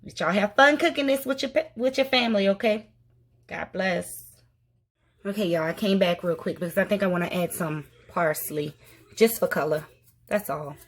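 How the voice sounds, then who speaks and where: A woman's voice: medium pitch, normal speed. A woman chatting through a cooking demonstration in her home kitchen, folksy and addressing viewers directly. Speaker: cooking vlogger.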